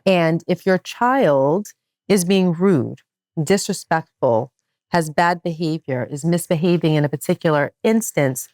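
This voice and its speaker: A woman hosting a podcast, talking in a casual chat style and making her points with animated emphasis. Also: measured pace, no echo, clean studio sound. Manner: animated and emphatic, with wide swings in pitch. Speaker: podcast host.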